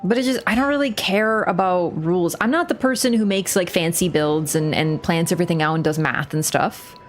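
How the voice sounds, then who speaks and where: A woman's voice: on the low side, fairly quick, faint music behind. A young woman streaming a game, chatting casually, swearing and laughing often. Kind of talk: casual gaming stream chat.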